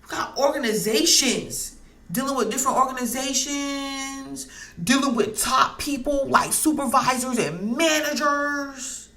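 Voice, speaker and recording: A woman's voice: high voice, unhurried, pushed and bright. A woman reading astrology in a casual talk, blunt and heated, swearing freely and repeating herself for emphasis. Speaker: astrology and tarot reader.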